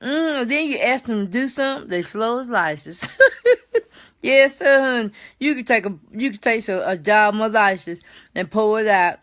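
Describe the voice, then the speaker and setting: A tired older woman hosting a folksy vlog monologue. She talks in a chatty, drawn-out way and keeps adding mm-hmm and yes sir. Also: a little high, lively intonation, fairly bright tone. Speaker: vlog host.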